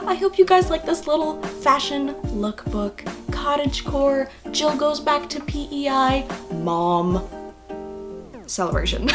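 Bubbly young woman, high voice. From Prince Edward Island, Canada. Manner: bubbly, gushing, giggly. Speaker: fashion vlogger. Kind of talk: voice-over vlog narration. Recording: music playing underneath.

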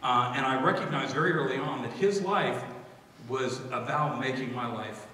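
A middle-aged man speaking at his father's memorial, emotional and holding back tears, but laughing warmly at times. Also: mid-range voice, expressive, moderate pace. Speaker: eulogist son. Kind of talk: memorial eulogy. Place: large echoey hall. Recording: echoey hall from far off.

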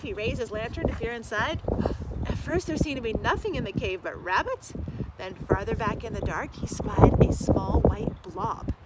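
Expressive woman reading a storybook aloud. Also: a little high. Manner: expressive, sing-song storytelling. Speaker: library storytime reader. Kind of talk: reading a picture book aloud. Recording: loud background noise.

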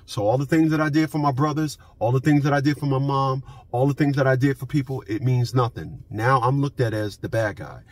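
A man's voice: medium pitch, a little fast, hardly any pauses, no room sound. A man ranting into his phone camera from his parked car, profane and emphatic, repeating his points. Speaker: vlogger. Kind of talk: unscripted ranting vlog.

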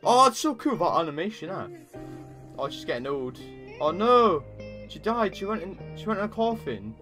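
A man's voice: high-pitched, sing-song, normal speed, pushed and bright, faint music behind. A teenage boy doing casual reaction commentary as host, stammering and repeating words, laughing often.

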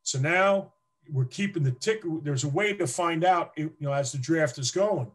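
A man's voice: on the high side, moderate pace. A man, a former football player telling emotional stories as an interview guest. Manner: animated, emotional storyteller acting out scenes. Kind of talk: casual interview storytelling.

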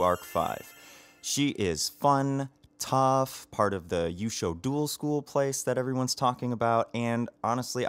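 A man with a fairly low voice chats eagerly in a casual video message, dropping ums and small laughs as he goes. The sound is dry and close, with no room echo. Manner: chatty, enthusiastic, with frequent ums and laughs. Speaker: voice actor.

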